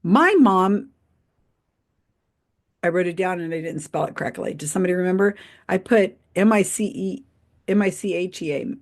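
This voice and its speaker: Chatty, skeptical woman with a low voice. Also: normal speed, long pauses. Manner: chatty and skeptical, with frequent laughs and asides. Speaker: host of a livestream commentary show. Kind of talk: casual livestream commentary reading chat comments.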